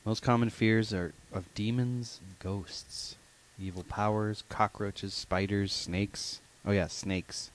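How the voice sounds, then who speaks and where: A man's voice: on the low side, steady tone, slow, hardly any pauses. A man co-hosting a podcast in casual chat, dry and sarcastic in his asides. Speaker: podcast co-host.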